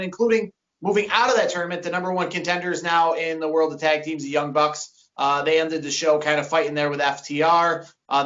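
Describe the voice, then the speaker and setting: A man co-hosting a wrestling podcast with a high-pitched voice. He leads the casual talk, moving through topics and putting questions to his co-host. The sound is lo-fi and dull. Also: a bit bright. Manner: steers the show, asks his co-host questions.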